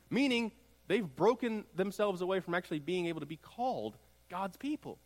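A man's voice: high voice, very animated, normal speed. A man preaching a sermon as pastor, building emphasis through repeated phrases. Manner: preaching with rising emphatic repetition. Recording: long hall reverb.

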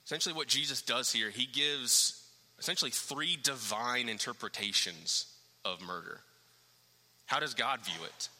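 A man preaching an expository sermon, animated and swinging from low, quiet stretches to loud, high-pitched emphasis, with rhetorical questions. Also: moderate pace, long reverb tail.

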